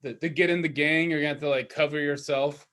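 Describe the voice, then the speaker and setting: A man's voice: a little high, fairly even intonation, fast, fairly bright tone. A man co-hosting a podcast in casual chat, riffing laid-back along with jokes. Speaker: podcast co-host.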